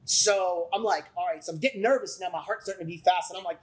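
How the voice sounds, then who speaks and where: A man on a podcast as a guest, telling stories in an animated way with lots of swearing. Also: high voice, fast, poor audio. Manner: animated, profane storyteller who acts out quotes. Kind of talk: casual storytelling chat.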